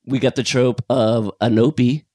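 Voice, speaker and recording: A man co-hosting a podcast in casual chat, animated and laughing often. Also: mid-range voice, normal speed, no echo, studio quality. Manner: animated, laughing, acting out lines in put-on voices. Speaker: podcast co-host.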